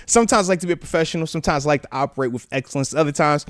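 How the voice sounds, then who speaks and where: A man's voice: a little high, rapid-fire, hardly any pauses, no echo. A man in his thirties hosting a casual live-streamed football talk show, loose and slangy, dropping "man" into nearly every sentence, close to the microphone. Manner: animated, with playful asides. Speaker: host of a football talk livestream. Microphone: close microphone that picks up breaths.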